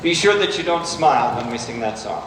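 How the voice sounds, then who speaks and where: A man's voice: mid-range voice, expressive, background noise. Man leading a choir rehearsal. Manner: brisk, playful, calls out cues and counts. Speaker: choir director. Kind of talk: rehearsal coaching. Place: rehearsal room. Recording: echoey hall, music playing behind.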